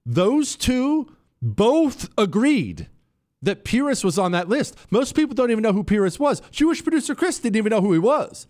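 A man hosting a talk show, explaining a topic with examples in an animated, teasing way. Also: high-pitched, fast, hardly any pauses. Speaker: show host. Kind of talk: casual talk show monologue.

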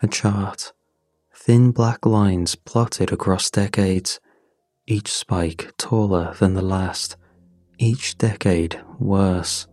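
A man narrating a scripted horror story in a measured, somber way. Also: sits low, fairly even intonation, a little mellow, no echo.

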